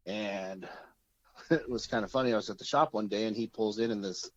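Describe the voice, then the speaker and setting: A man from Oregon, a podcast guest, telling a story in a casual, easygoing way and laughing through the rough parts. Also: fairly low pitch, moderate pace, no room sound. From Oregon, USA. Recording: dull lo-fi sound.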